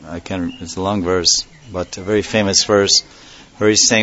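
A man with a very low voice gives a devotional lecture on a dull, lo-fi recording. He speaks reflectively, dwelling on and repeating key words, with a chuckle here and there. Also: fairly even intonation, moderate pace, hardly any pauses, bright, forceful tone. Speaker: spiritual teacher.

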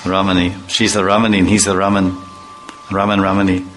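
Bright-voiced man telling playful stories. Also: sits low, flat delivery, a little fast, poor audio. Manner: chatty, playful storytelling, acts out voices. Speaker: devotional speaker. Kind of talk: informal religious talk with anecdotes.

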